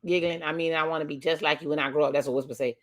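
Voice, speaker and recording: A woman's voice: sits low, steady tone, rapid-fire. A woman talking casually through a TV episode, retelling scenes and reacting with exclamations. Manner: chatty, narrates scenes aloud with exclamations. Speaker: reaction video host.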